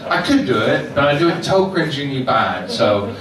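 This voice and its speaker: A man's voice: mid-range voice, sing-song, moderate pace, crowd noise. An older man performing a stand-up set in an underground comedy club, poking fun at himself and chuckling at his own lines. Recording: echoey club mic, heard from far. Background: audience laughter.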